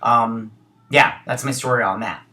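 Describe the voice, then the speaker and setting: A man's voice: medium pitch, a little slow, pushed and bright. A man hosting a casual reaction vlog, chatty and blunt, with lots of asides and fillers. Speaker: host.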